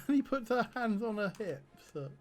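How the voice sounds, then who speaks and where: Slow-talking man reading a text game. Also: high voice, sing-song, soft background music. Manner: laughs often, reads options aloud, amused. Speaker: streamer. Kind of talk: live-streamed text game, reading aloud.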